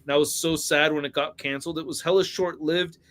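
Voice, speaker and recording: A man's voice: a little high, steady tone, brisk, fairly bright tone. A man hosting a casual action-figure podcast, rambling through stories, laughing often and swearing freely. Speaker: podcast host.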